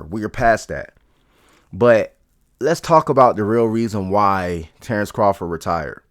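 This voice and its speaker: A man with a fairly low voice talks through boxing in a loose, rambling commentary. He is blunt and opinionated and keeps piling on points.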